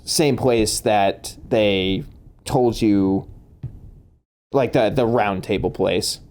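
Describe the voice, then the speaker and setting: Laid-back male game master, mellow tone, loose and chuckly narration. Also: lowish voice, clean tone. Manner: relaxed, laughs easily, loose narration with fillers.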